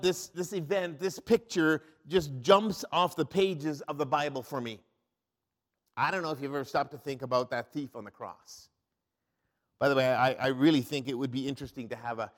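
A male pastor preaching a sermon in an animated way, often asking the congregation questions. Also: high voice.

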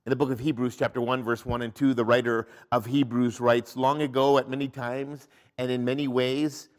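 A male pastor preaching a sermon, reading scripture aloud and swinging between loud emphasis and hushed, low drops. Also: level tone, normal speed.

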